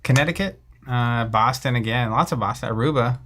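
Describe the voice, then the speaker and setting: A man's voice: mid-range voice, fairly quick, background noise. Easygoing man reading out chat names. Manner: reads out viewer names and places, self-deprecating. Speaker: co-host of a card game stream. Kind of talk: casual chat reading viewer comments.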